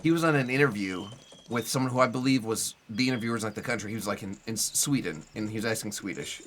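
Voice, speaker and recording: Bright-voiced chatty male streamer. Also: fairly low pitch, fast, slight background noise. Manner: rambling, chatty, heavy on "like" fillers. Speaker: Twitch streamer playing a video game. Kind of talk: casual live gameplay commentary.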